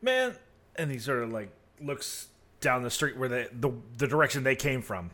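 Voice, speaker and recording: A man narrating as game master of a tabletop game, relaxed and self-deprecating. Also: mid-range voice, moderate pace.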